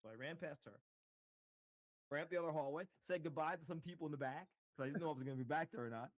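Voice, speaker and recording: A man's voice: on the high side, very fast, no echo. A middle-aged man, a radio host, telling a story in casual conversation and acting out the dialogue with laughs. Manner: animated, acts out dialogue with laughs. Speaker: radio host, interview guest.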